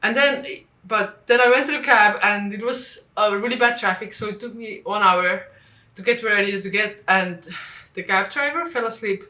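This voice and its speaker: A woman from Estonia, telling travel stories in a casual vlog and acting out the dialogue with lively jumps in pitch. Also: normal speed, echoey room. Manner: animated, acts out quoted dialogue with big pitch jumps. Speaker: vlogger.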